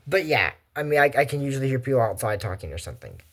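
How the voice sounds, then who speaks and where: A man's voice: medium pitch, rapid-fire. A young man, chatting casually and going off on tangents while recapping an anime. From Texas. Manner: chatty, digressive, animated asides. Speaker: anime commentary host. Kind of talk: casual rambling commentary.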